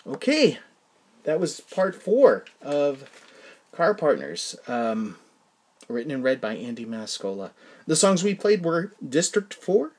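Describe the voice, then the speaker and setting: A man, the podcast host, reading his own first-person story in a plain, even manner. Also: fairly high pitch, slow. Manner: plain, even storytelling, casual asides in the outro.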